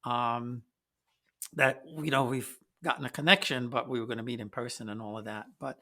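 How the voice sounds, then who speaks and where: A man's voice: mid-range voice, fairly even intonation, normal speed, pushed and bright. A man hosting an interview podcast, chatting loosely with his guest and asking unscripted questions. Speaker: podcast host. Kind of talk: conversational interview.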